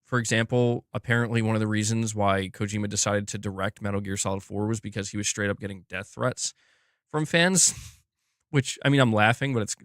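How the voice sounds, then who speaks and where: A young man hosts a casual gaming livestream, rambling with many restarts and calling the chat "dude" and "bro." His voice is on the low side and fairly bright, in clean studio sound with no echo.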